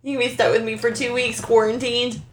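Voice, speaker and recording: A woman's voice: fairly high pitch, little pitch movement, a crowd in the background. Blunt, swearing woman co-host. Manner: blunt, quick, swearing banter. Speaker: podcast co-host. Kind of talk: casual chat.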